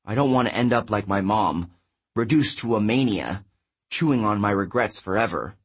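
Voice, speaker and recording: Serious, worried teenage boy, voiced by a male narrator, husky, audiobook read. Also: fairly low pitch, expressive, moderate pace.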